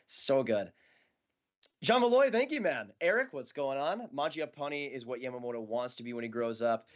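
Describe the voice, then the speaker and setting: A chatty, excitable man hosting a live watch-along, talking casually over the action and laughing often. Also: mid-range voice, normal speed, muffled recording.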